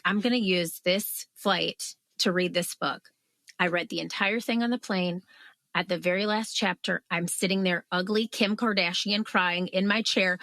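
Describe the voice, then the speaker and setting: A woman in her thirties, a guest on an interview podcast, telling her story in a lively way and acting out her own past outbursts. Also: mid-range voice, no echo. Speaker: guest, author.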